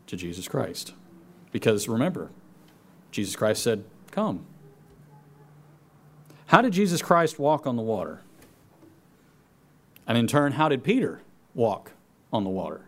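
A man's voice: lowish voice, big pitch swings, unhurried, pauses often. A man preaching a sermon, reading scripture aloud and repeating key phrases for emphasis. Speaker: pastor.

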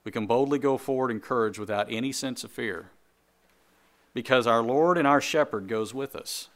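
A man preaching a sermon to a congregation in a conversational way, with jokes, quick asides and repeated phrases. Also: mid-range voice, fairly bright tone. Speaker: pastor.

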